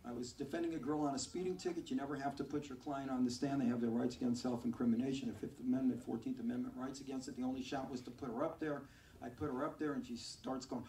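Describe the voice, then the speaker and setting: A male stand-up comedian telling self-mocking, deadpan one-liners on a club stage. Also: mid-range voice, fast. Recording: echoey club, far from mic, crowd.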